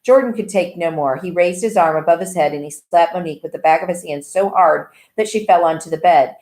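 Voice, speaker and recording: A woman reading a novel aloud in an even, plain way with small slips. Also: on the low side, a little fast. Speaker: audiobook reader. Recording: echoey room.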